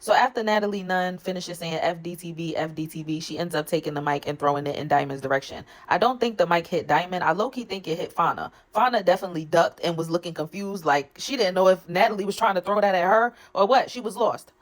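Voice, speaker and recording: A woman's voice: fairly low pitch, fast talker, hardly any pauses. A woman recapping a reality show episode in a blunt, gossipy, profane way. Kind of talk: casual recap vlog.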